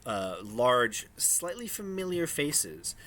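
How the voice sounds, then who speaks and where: A man's voice: medium pitch, sing-song, takes it slowly, fairly bright tone, slight background noise. A man narrating as game master in a casual, hesitant way with many ums.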